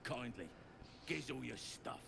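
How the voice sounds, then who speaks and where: A gruff goblin guard growls out demands in a gravelly mid-range voice, menacing and impatient. The game audio carries a layer of noise beneath it. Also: male voice, medium pitch, lively intonation, measured pace. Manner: threatening and demanding.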